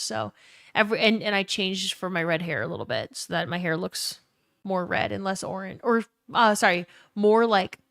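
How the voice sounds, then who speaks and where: Fast-talking woman streaming. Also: on the low side, creaky, fairly bright tone, no echo, clean studio sound. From Louisiana. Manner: fast-talking, swears freely, greets chatters. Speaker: livestreamer. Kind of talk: casual live-stream chat. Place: home room.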